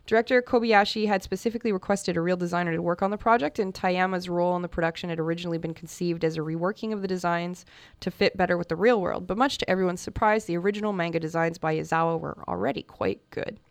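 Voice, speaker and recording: A woman's voice: lowish voice, fast, no echo. A woman hosting a radio show about comics, chatting casually and enthusiastically with fillers and restarts.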